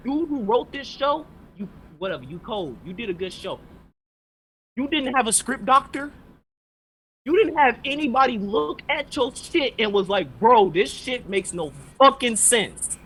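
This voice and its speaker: A man's voice: extremely high pitch, fairly bright tone, husky, poor audio. A man co-hosting a podcast, ranting heatedly and sarcastically about an anime episode, swearing constantly. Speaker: podcast co-host. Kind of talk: profane ranting anime recap.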